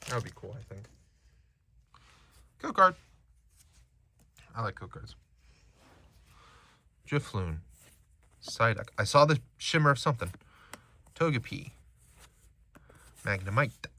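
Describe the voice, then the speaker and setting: Guy opening card packs at home, bouncy animated voice, reads names and stats out loud. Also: medium pitch, slow, long pauses. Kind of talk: casual card-opening commentary.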